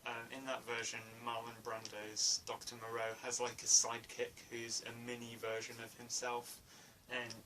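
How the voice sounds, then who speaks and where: A man's voice: medium pitch, monotone, moderate pace, few pauses. A man giving a casual spoken film review, hesitant, with many fillers and restarts. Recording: distant mic, faint room noise.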